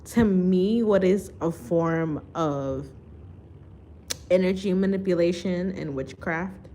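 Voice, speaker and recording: Slow, deliberate woman giving spiritual talk. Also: on the low side, mellow, slight background noise. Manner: slow, deliberate, with long pauses and restarts. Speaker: spiritual reader and vlogger. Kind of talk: unscripted spiritual monologue to camera.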